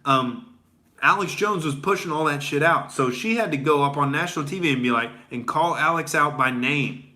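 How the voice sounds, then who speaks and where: Male comedian host, crude rambling rant, bright forceful voice. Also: fairly high pitch, moderate pace. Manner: rambling, profane, heavy on filler words.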